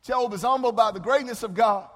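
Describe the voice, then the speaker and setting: High-voiced preacher in a reverberant hall. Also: male voice, brisk. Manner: swings from loud preaching to soft, hushed delivery. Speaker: pastor. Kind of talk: sermon.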